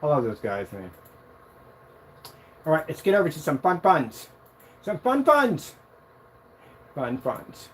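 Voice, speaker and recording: A man casually demonstrating a projection screen on a vlog, excited and rambling, boasting about his product. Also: unhurried, pauses often, a little hiss or hum. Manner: sings snatches of a tune in a high voice.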